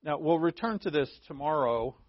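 Male pastor, casual preaching, light humor, slightly high voice, dull lo-fi sound. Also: expressive, moderate pace. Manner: conversational and joking, often asks "right?". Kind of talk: informal midweek Bible teaching. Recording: dull lo-fi dry recording.

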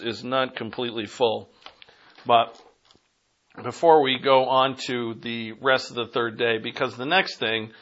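Male preacher, Boston accent, emphatic Bible teaching, mid pitch, muffled lo-fi recording. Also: fairly bright tone. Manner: emphatic, digressive, rising to punch key phrases. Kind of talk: sermon.

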